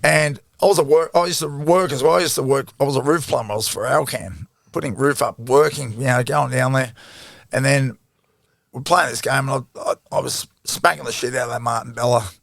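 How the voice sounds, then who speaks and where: A middle-aged Australian man with a heavily gravelly, fry-laden voice spins a casual yarn, swearing freely and chuckling between stories. The sound is dry and close, with no room around it. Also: medium pitch, brisk, fairly bright tone, no room sound. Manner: swears freely, laughs through his stories. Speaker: guest, former rugby league player. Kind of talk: casual storytelling interview.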